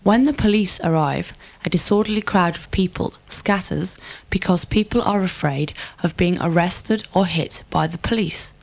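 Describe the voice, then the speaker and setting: Woman reciting measured drill answers. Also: on the low side, vocal fry. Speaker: model student.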